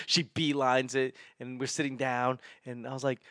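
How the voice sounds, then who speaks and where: A man's voice: mid-range voice, measured pace, no echo. Man, casual storyteller: rambling, laughing and profane, with a mid-range voice and a dry, close sound. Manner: rambling, laughing, with frequent swearing and restarts.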